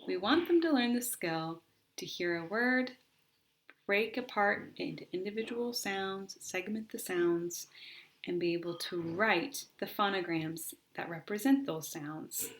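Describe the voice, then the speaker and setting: A woman explains spelling practice to parents in a calm, deliberate teaching voice set at a middle pitch. She slows right down to sound out each letter and sometimes drops into a soft whisper while modelling words. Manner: patient, deliberate, models sounds slowly and clearly. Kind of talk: instructional explanation.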